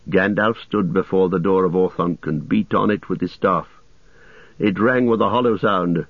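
A man reading a fantasy audiobook in a measured storytelling manner. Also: sits low, no echo. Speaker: audiobook narrator. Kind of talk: scripted narration. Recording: dull lo-fi recording.

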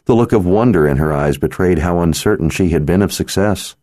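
A man narrating an audiobook in a measured, steady manner. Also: low voice, no echo, studio quality.

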